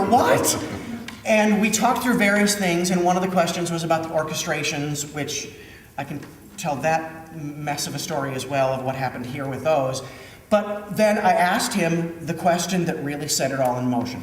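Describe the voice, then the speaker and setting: A man's voice: fairly high pitch, slight background noise. Man from Minnesota, theater director, chatty storyteller, echoey auditorium sound. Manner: chatty storytelling, animated when quoting. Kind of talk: post-show Q&A talk. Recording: echoey hall, mic at a distance.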